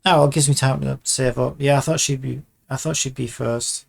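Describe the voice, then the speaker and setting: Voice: medium pitch, fairly even intonation, a little fast, gravelly, husky. Swearing, exasperated game dev muttering. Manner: trails off and restarts sentences while working. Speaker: game developer vlogger. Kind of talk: casual dev vlog commentary while working.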